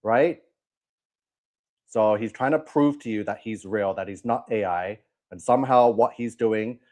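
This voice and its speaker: A man's voice: lowish voice, moderate pace, darkish tone. A man hosting a religious commentary show, talking emphatically with scorn and repeated warnings. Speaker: host of a religious commentary channel. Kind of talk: preachy commentary.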